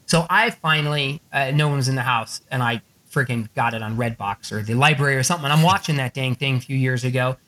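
Quick and with few pauses, a man speaks in a mid-range, sharp-toned voice to a group of authors he coaches on book business. His stories are animated and profane, with free swearing and raised-voice impressions of the people he quotes.

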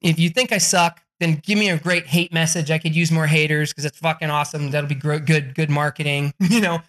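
Blunt, bright-voiced man giving a pep talk. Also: on the high side. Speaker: podcast guest. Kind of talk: motivational talk.

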